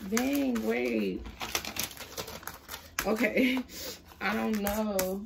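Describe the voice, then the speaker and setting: A woman's voice: fairly high pitch, drawn-out words, gravelly, noisy background. A young woman chatting casually to camera as a vlogger, often apologizing and talking to her baby while she looks through letters.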